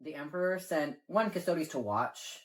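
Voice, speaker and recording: A man's voice: on the high side, lively intonation, normal speed. Rambling man chatting casually. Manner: rambling, leans on filler words; casual swearing. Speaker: co-host. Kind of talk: casual lore chat.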